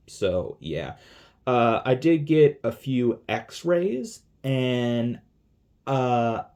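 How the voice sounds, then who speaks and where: A man's voice: fairly low pitch, a little mellow. A young man telling a personal story in a casual vlog, rambling with many fillers and restarts. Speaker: vlogger.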